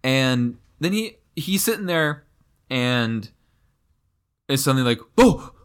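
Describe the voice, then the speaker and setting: A man's voice: medium pitch, lively intonation, slow, a bit bright, clean tone. A young man co-hosting a casual book discussion podcast, retelling scenes and reading passages aloud with expression. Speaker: podcast co-host.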